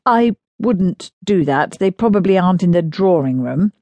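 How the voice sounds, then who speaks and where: A woman reading an audiobook voices a dignified young gentleman with a mild, measured and dryly humorous way of speaking. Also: on the low side, expressive, dry recording. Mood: hesitant.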